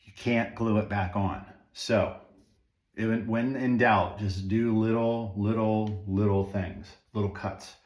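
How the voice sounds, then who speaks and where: Guy chatting while he trims his beard, kinda low voice, lots of ums, echoey bathroom. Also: fairly even intonation, slow pace, darkish tone. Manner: rambling, with fillers and asides. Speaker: beard-grooming vlogger. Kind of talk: casual how-to talk while trimming. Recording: echoey room.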